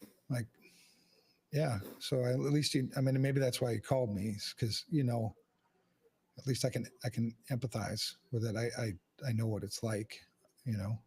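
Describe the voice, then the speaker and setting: Male podcast host, raspy with fry, frank and sweary, loose casual delivery. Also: medium pitch, steady tone, normal speed, a little mellow. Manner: frank, heavy swearing, restless restarts. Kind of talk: candid casual conversation.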